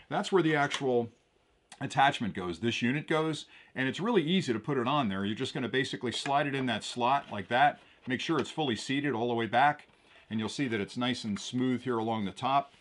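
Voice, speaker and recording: Man calmly walking through a product demo. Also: medium pitch. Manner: relaxed, explanatory, with light chuckles. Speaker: product reviewer. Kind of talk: hands-on product demonstration.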